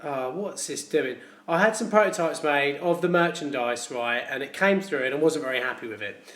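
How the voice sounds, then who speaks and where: A man's voice: on the high side, normal speed, a bit bright, echoey room. A man, a plumber, chatting jokily with viewers on a live stream and reading out their comments. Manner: jokey, chatty, reads viewer comments aloud. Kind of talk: casual live-stream chat.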